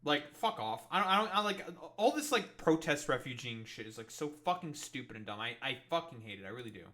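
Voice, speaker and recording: A man's voice: mid-range voice, very animated, a little fast, bright, forceful tone. A young man giving rambling, profane, sarcastic reaction commentary as a streamer.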